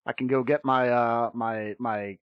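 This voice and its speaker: A man's voice: mid-range voice, fairly even intonation, measured pace, muffled recording, a little hiss or hum. A man hosting a gaming podcast, playful and joking, with stumbling restarts. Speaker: podcast host. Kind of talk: casual chat.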